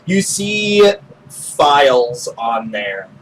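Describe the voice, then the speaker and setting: Slow, laughing game master man. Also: mid-range voice, sing-song. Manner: laughs often, halting with fillers. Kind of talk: narrating a tabletop game. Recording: distant mic with faint noise.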